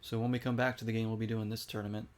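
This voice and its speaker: A man's voice: on the low side, level tone, racing. A man giving casual, chatty commentary while playing a video game and reacting aloud to each shot. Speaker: gaming streamer.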